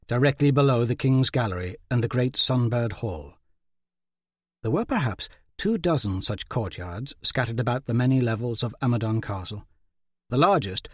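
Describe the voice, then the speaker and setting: A man reading a dark fantasy audiobook in a measured, dramatic narration. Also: mid-range voice, no room sound, studio quality. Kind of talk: scripted narration.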